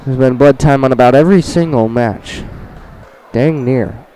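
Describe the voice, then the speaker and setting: A man's voice: medium pitch, normal speed, mellow, a faint crowd, low-quality recording. A young man doing casual live play-by-play commentary at a wrestling match, laughing often and bantering between calls.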